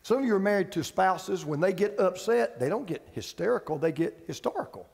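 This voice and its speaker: Male pastor, high-pitched, conversational and emphatic preacher who keeps questioning his listeners. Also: animated, a little fast, gravelly, a little mellow, long reverb tail. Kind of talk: sermon. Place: church sanctuary with audience.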